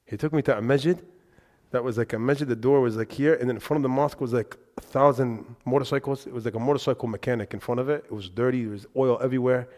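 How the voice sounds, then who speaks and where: A man giving a religious lesson in a mosque, telling lively anecdotes with quick asides. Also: mid-range voice. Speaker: religious teacher. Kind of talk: storytelling lesson to a congregation. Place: mosque hall. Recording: reverberant mosque hall.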